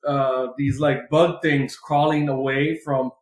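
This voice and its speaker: A man's voice: mid-range voice, level tone, slow. A man co-hosting a podcast, recapping a comic in a rambling, filler-heavy way and swearing freely. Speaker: podcast co-host. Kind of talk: casual comic book recap. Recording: roomy echoey room.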